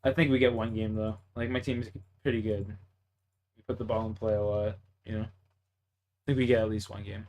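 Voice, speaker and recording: Canadian male streamer, casual, profane, quick to get worked up. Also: on the low side, slight background noise. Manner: profane, excitable storytelling with laughs. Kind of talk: casual chat while gaming.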